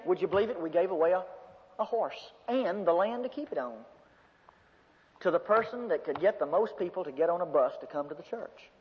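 Male preacher, high voice, lively folksy sermon delivery, dull recording with long church reverb. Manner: animated, folksy storytelling with humor.

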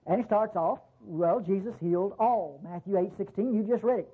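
A man's voice: sits high, normal speed, hardly any pauses, breathy edge. A man preaching a sermon in a folksy way, with rhetorical questions and frequent restarts. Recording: tinny phone-like recording.

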